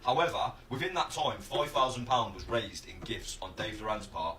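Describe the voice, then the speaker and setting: A man's voice: mid-range voice, animated, normal speed, bright, forceful tone, far from the mic, poor audio. An aggrieved man lays out his accusations in a phone-recorded rant. He sounds set back from the microphone, with faint background noise. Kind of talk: phone video call-out rant.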